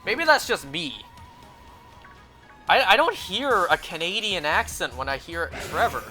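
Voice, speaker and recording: A man's voice: sits high, very animated, measured pace, sharp tone, faint music behind. A young man streaming live, rambling and musing aloud in casual chat.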